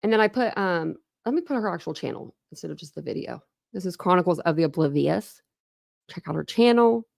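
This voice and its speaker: Chatty Southern-twanged woman, slightly gravelly. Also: on the low side, lively intonation, darkish tone, dry recording, studio quality. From Ohio. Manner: rambling and chatty, many fillers and quick asides. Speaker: true crime channel host. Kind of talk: casual livestream chat.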